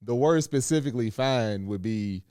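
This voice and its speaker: Brief: laid-back male podcast co-host, mid pitch, dry close sound. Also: moderate pace, a little mellow, no echo. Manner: laid-back, laughs while acting out quotes. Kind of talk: casual chat.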